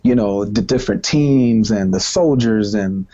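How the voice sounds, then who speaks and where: A man's voice: fairly low pitch, unhurried, warm tone, muffled recording. A man giving a recorded interview, talking reflectively in a rambling way with many restarts. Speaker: interviewed musician.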